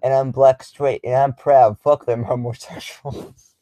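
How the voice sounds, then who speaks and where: A blustering, bigoted commenter rants slowly and smugly, as a young man mocks him. The voice is slightly raised and louder than normal speech. The sound is close and dry. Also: mid-range voice, little pitch movement, dry recording, natural voice. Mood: preachy.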